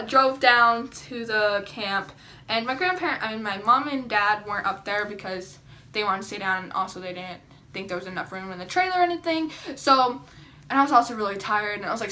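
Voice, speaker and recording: Bright, high-voiced teenage girl vlogger. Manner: rambling, giggly storytelling with many fillers. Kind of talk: casual storytime vlog.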